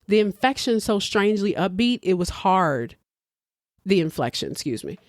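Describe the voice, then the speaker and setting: A woman's voice: medium pitch, sing-song, moderate pace, dry recording, studio quality. A woman podcast host telling a true-crime story in a casual, chatty way with blunt asides.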